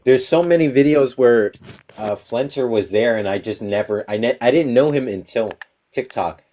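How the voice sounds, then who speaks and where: A man's voice: mid-range voice, moderate pace, mellow, a little hiss or hum. A young man chatting casually on a stream, laid-back, laughing often and trailing off into mumbles. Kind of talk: casual chat.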